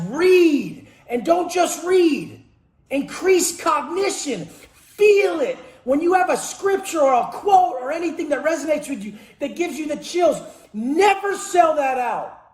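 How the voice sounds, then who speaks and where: A man delivering a profane motivational monologue. He speaks intensely and forcefully, swears constantly and bursts into shouts. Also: very high voice. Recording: echoey room.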